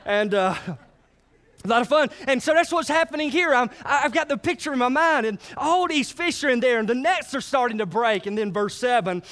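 A pastor delivers a sermon in a high, bright voice, talking briskly. He's animated and folksy, frequently pausing to make sure the congregation is following along.

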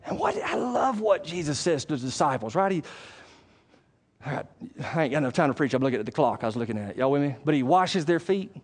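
Male pastor, high voice, casual preaching that swings loud to hushed. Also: big pitch swings, fast. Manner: conversational, swings between loud preaching and quiet asides. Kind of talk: sermon.

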